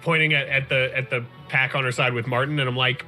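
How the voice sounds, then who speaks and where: A man's voice: medium pitch, fairly even intonation, fast talker, hardly any pauses, pushed and bright, faint music behind. A man playing in a tabletop game, talking hesitantly with lots of fillers as he describes his moves. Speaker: player.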